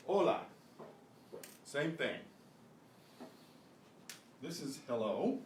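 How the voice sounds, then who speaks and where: A man teaching a beginners' Spanish class online, explaining patiently and repeating each phrase slowly. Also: fairly low pitch, recorded from a distance. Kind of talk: online beginner language lesson. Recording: roomy echo with faint noise.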